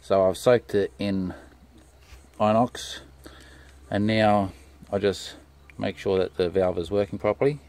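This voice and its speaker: A man giving a casual step-by-step commentary on a car repair. He talks in a relaxed way with many "uh" fillers, and his voice drops quieter while his hands are busy. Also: fairly low pitch, unhurried, long pauses, poor audio. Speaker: DIY car mechanic.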